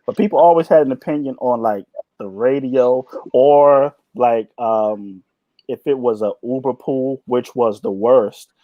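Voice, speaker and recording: A man's voice: medium pitch, unhurried, no room sound, narrow, tinny audio. A man in casual chat, laid-back and joking, trailing off with fillers.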